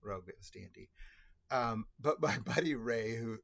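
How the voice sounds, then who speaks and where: Brief: a man in a casual story vlog, mid-pitched and rambling, full of self-corrections, on a dull lo-fi recording. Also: animated, moderate pace, creaky, fairly bright tone. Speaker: video host telling personal stories.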